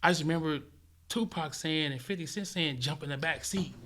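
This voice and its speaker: A man, a podcast guest, telling a vivid, profane story in casual talk, acting out sounds and swinging between loud bursts and hushed murmurs. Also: fairly high pitch, fairly quick.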